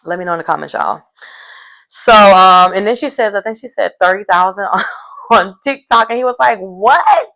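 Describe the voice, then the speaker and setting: A woman's voice: medium pitch, a little fast, gravelly, bright, forceful tone. A woman recapping a reality show in a rambling, chatty way, full of fillers. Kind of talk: casual recap chat.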